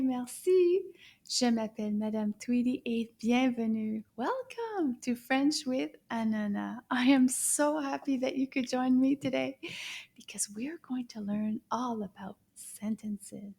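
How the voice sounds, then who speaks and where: Woman as children's teacher: slow, drawn-out, animated delivery, mellow and breathy. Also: on the high side. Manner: animated, gasps and whispers to a puppet. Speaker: French teacher. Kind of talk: children's language lesson.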